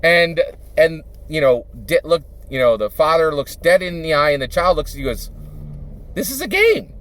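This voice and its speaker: A man's voice: a little high, moderate pace, a bit bright. A man from Philadelphia, a YouTuber and dungeon master, talking in a casual monologue that rambles with fillers and asks "right?" again and again. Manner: rambling, with many fillers and repeated tags of "right?".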